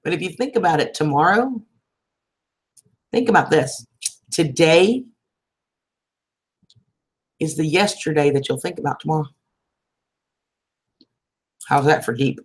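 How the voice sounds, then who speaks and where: A woman with a drawl hosts a relaxed livestream, greeting her viewers one by one. Her voice sits a little low for a woman, and she stays chatty and affectionate, calling people sweetheart and hon. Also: unhurried, long pauses. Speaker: livestream host. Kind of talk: casual livestream chat with viewers.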